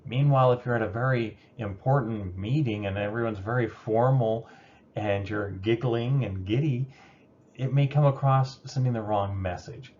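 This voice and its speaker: A man teaching a lesson in a relaxed, conversational way, with some fillers. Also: mid-range voice, normal speed. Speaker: instructor. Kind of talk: recorded lecture. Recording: dull lo-fi recording with faint noise.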